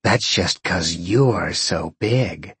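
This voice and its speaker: A man's voice: deep voice, extremely slow, a bit bright, husky, no echo, heavily acted. A man voicing a young woman who shifts into a cheetah, talking in a matter-of-fact way, in audiobook narration. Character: young woman, cheetah shapeshifter, teasing and practical.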